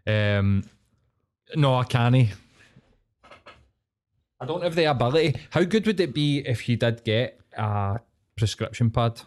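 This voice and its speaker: Young Glaswegian man, podcast co-host, loose sweary banter at a middling pitch. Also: animated, measured pace, long pauses, a little mellow. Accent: Glaswegian Scottish. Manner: sweary, laughing, broad slang. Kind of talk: casual chat.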